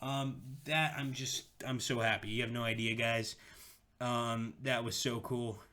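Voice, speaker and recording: Young male streamer, excitable, profane, bright tone. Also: mid-range voice, a little slow. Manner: excitable, swears freely. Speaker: game streamer. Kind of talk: live game commentary.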